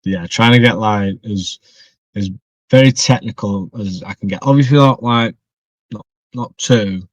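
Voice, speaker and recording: This young guest wrestler from northwest England talks at a measured pace in a fairly low voice. His casual podcast chat wanders, packed with fillers and false starts. The sound is dry, dull and muffled.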